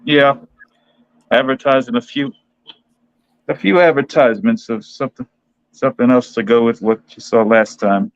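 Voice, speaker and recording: A man chatting casually as a guest on a video call, calm and matter-of-fact. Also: medium pitch, normal speed, pauses often, no echo, dull audio.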